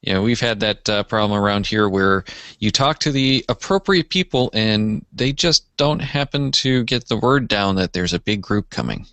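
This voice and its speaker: A man's voice: fairly low pitch, animated, normal speed, a bit bright, no echo. A man co-hosting a podcast, chatting in an agreeable, easygoing way with frequent fillers. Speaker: podcast co-host. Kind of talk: casual podcast chat.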